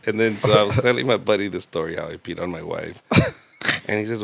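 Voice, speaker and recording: Man, late 30s, comedian guest, gravelly, profane, laughing storyteller. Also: fairly low pitch, fairly even intonation, brisk, a little hiss or hum. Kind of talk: casual storytelling.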